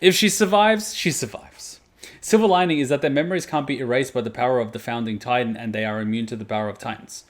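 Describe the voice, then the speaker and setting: A young man hosting an anime reaction video, chatting casually with plenty of swearing and sudden loud outbursts. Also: medium pitch, fast. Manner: profane, animated, breaks into loud outbursts.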